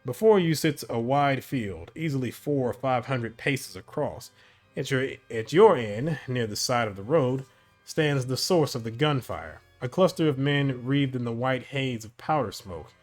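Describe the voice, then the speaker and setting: A man reading an interactive adventure story aloud, narrating at a measured pace and often stumbling and correcting himself. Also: mid-range voice, expressive, soft background music. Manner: measured narration with frequent slips and self-corrections.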